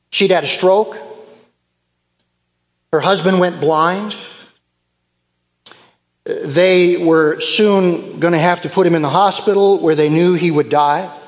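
A man's voice: a little high, long reverb tail. A man preaching a sermon as pastor, emphatic and repeating key phrases for effect.

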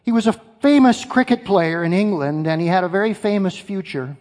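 A man's voice: high voice, fairly quick, a little mellow. A male pastor preaching a sermon, emphatic, repeating key phrases and asking his congregation questions. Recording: long hall reverb.

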